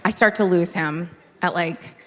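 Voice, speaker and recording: A woman's voice: lowish voice, measured pace. A woman doing stand-up comedy on a theater stage, chatty and confiding, checking in with the crowd into a handheld mic. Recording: reverberant live venue, faint noise.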